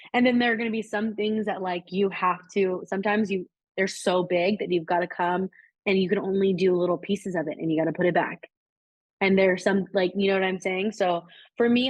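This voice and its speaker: A woman's voice: medium pitch, dry recording. A woman co-hosting a podcast, talking casually and rambling with lots of likes and restarts. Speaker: podcast co-host. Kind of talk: casual spiritual chat. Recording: dry, slightly dull sound.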